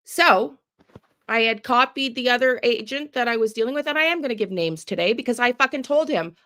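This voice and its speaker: Furious older woman ranting, bright voice. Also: on the high side, fairly quick. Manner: furious, swearing heavily. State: sick with the flu, tired. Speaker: true crime channel host. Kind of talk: angry live video rant.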